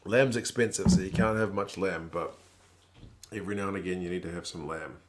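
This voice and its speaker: A man's voice: low voice, fairly quick, slight background noise. A man in his thirties with a New Zealand accent, hosting a live stream and chatting casually as he reads out viewer comments in a laid-back, wry way.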